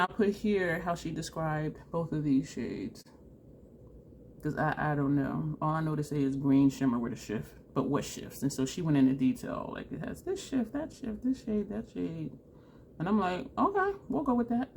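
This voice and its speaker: Woman makeup vlogger, low-pitched, chatty and self-mocking, faint hiss behind. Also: animated, normal speed, a little mellow. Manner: chatty and self-deprecating, laughs often. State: runny nose. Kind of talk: casual makeup tutorial chat.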